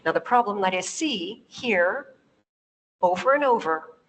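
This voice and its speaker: A woman's voice: medium pitch, animated, a little slow, lo-fi sound. A native English-speaking woman giving a public talk, telling stories, laughing often and putting questions to her audience. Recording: long reverb of a large hall.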